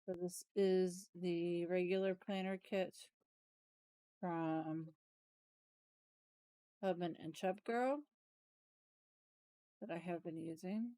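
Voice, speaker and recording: A woman's voice: on the low side, steady tone, takes it slowly, pauses often, warm tone, smooth, dry recording. A woman chatting casually through a planner walkthrough, tired and yawning, rambling and trailing off with self-corrections. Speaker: planner vlogger.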